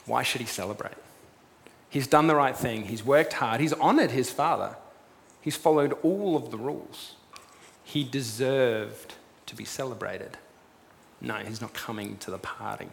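A man preaching a sermon, retelling a story in a lively way and acting out what its figures say. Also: mid-range voice, a little slow, vocal fry. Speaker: pastor. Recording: long reverb with faint room noise.

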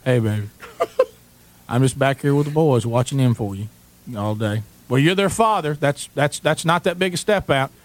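A man co-hosting a radio talk show, telling animated stories in casual chat. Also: mid-range voice, moderate pace. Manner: animated storytelling with voiced sound effects.

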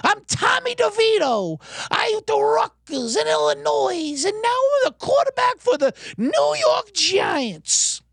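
Brash young tough, very high and strained, slow shouted boasts, gravelly edge. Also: male voice, big pitch swings, no echo, exaggerated voice. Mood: boastful. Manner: loud, drawn-out bragging, shouting. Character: brash young male Brooklyn braggart, cocky. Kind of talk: comedic impression.

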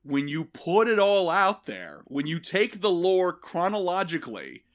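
Male podcast host, slightly high voice, animated and profane comic storyteller. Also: unhurried. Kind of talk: casual comedic chat.

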